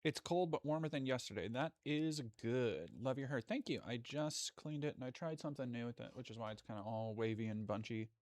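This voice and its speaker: A man live streams, chatting with his viewers in a rambling way, cutting himself off and swearing casually now and then. His mid-range voice is animated, darkish in tone and fairly quick with few pauses. There's no room sound.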